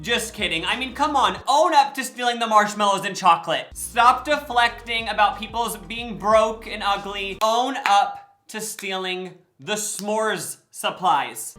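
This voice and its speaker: A man's voice: high voice, bright, forceful tone. A young American man giving a sassy, sarcastic comedic reaction commentary with playful asides. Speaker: YouTube reaction host.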